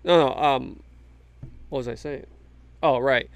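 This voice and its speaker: A man's voice: mid-range voice, unhurried, no room sound. A man talking casually and earnestly about his faith, emphatic and full of restarts. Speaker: Christian guest in a faith discussion. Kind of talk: casual conversation.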